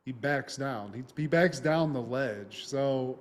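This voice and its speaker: A man's voice: mid-range voice, slow. A man co-hosting a podcast, recapping TV scenes in casual, profane chat and laughing often. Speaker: podcast co-host.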